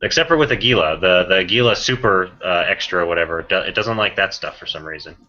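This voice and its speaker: A man's voice: low-pitched, fast, pushed and bright. A man chatting casually in an online voice chat, rambling with many restarts. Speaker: gun owner in an online voice chat. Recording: muffled voice-chat audio.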